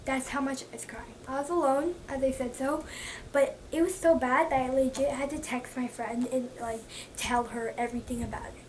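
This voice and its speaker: High-voiced young woman gushing about books. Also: steady tone, normal speed. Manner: gushing and chatty, repeats herself for emphasis. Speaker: book vlogger. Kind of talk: casual chat to camera. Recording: mic at a distance, faint background noise.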